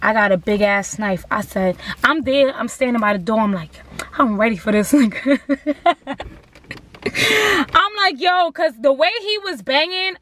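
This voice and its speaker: Young woman vlogger, high voice, animated casual storytime, lots of slang and cussing. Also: moderate pace, a little hiss or hum. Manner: animated, slang-heavy and profane, repeats "like".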